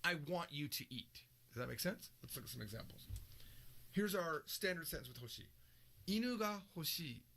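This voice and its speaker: A man teaching a recorded language lesson, explaining with lively, joking examples. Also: a little high, normal speed. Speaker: Japanese teacher.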